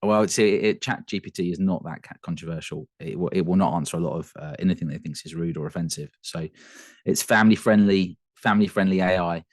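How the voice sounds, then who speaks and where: A man co-hosting a casual whisky podcast, chatty and quick to laugh, often restarting his sentences. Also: low-pitched, no room sound, clean studio sound. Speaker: podcast co-host.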